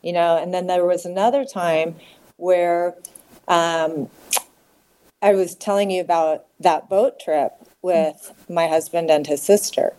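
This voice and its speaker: A middle-aged woman speaking candidly as an interview guest, halting and repeating words as she talks. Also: on the low side, fairly even intonation, dark tone, poor audio. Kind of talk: emotional personal interview.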